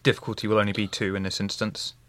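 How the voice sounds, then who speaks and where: A man's voice: on the low side, flat delivery, quick pace, a bit bright. A man running a tabletop role-playing game as game master, narrating scenes with wry asides.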